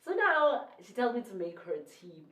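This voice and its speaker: A woman's voice: a little high, moderate pace, far from the mic. Rambling South African woman in echoey room. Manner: rambling, excitable, often corrects herself. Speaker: YouTuber. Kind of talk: casual storytime. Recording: echoey room, voice away from the mic.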